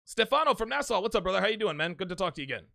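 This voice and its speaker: A man's voice: sits high, big pitch swings, very fast, vocal fry, bright, forceful tone, a little hiss or hum. A man in his forties hosting a live call-in show, brash and swaggering, swearing freely and laughing often. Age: 40s.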